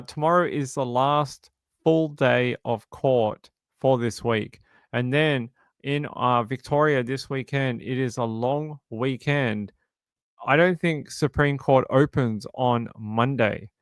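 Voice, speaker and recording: A man's voice: medium pitch, a bit bright, clean tone, dry recording. A man in his forties with an Australian accent, chatting casually with viewers on a livestream, joking and repeating himself. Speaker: livestream host. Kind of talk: casual live-stream chat answering viewers.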